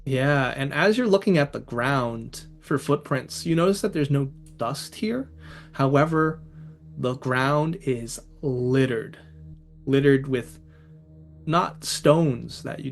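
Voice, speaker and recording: A man narrating a tabletop horror game as game master, setting scenes slowly and dramatically. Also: medium pitch, creaky, faint music behind.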